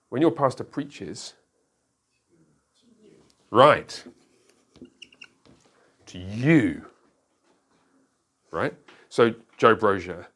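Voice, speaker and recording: A middle-aged man, a pastor, teaching a church class in a conversational way and often checking that listeners follow. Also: medium pitch.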